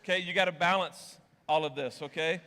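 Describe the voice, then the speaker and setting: Speaking a little fast with a fairly high, bright and forceful voice, this pastor keeps his intonation fairly even. His sermon, which includes audience games, moves from playful banter with on-stage volunteers to candid, confessional talk with the congregation. The church auditorium gives the recording a long, large-hall reverb.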